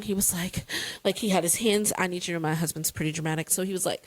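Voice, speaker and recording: A woman's voice: mid-range voice, animated, fast talker, few pauses, rough recording. A woman co-hosting a casual chat, telling a story dramatically with playful exasperation. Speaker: podcast co-host.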